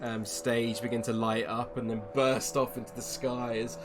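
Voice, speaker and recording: A man narrating a tabletop game as game master, slowly and with frequent ums. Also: medium pitch, flat delivery, music in the background.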